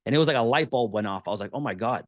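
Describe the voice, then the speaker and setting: A man telling his business story as an interview guest, animated and quoting others as he goes. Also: mid-range voice, very fast, no room sound. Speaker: guest, podcast booking entrepreneur.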